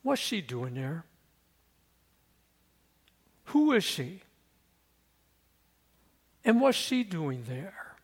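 High-voiced, slow-speaking man preaching. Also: big pitch swings, husky. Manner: dramatic storytelling, acting out quotes; conversational, asks the listeners questions. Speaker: pastor. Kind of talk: sermon.

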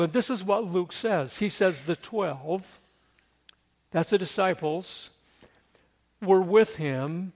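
High-voiced, slow-speaking man preaching. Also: vocal fry. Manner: dramatic storytelling, acting out quotes; conversational, asks the listeners questions. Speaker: pastor. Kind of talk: sermon.

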